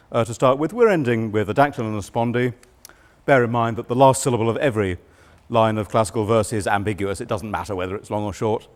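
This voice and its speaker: A man giving a lecture on writing verse, measured and explanatory with a dry humor. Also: fairly low pitch.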